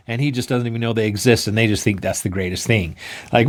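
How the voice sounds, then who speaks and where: A man explaining an idea through an animated story, acting out the scenes as he goes. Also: medium pitch, fast.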